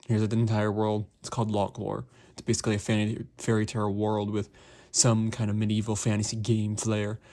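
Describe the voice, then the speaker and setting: A man's voice: fairly low pitch, vocal fry, a little mellow. A young man giving a casual, rambling book review, packed with fillers and restarts. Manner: rambling, heavy on fillers like "like" and "basically".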